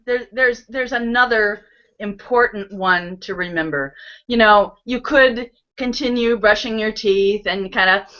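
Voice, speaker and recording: A woman's voice: mid-range voice, pushed and bright. A woman from Maryland teaching laughter yoga on a video call, playful and punning as she leads chants of ho-ho and ha-ha. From Maryland, USA. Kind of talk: guided laughter exercises. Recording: dull lo-fi video call audio.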